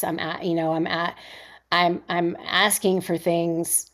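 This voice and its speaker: A middle-aged woman, an actress interviewed as a guest, telling a candid story in an animated, conversational way with frequent restarts. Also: on the low side, slow pace, long pauses. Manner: animated, acts out others' lines in voices, frequent restarts.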